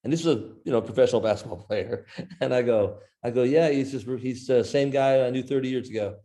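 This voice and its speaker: A man's voice: medium pitch, fast. A middle-aged man from Iowa, a guest author telling a long anecdote in an interview and quoting the people in it. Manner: animated anecdote teller, quoting others in his own voice. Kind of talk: storytelling in an interview.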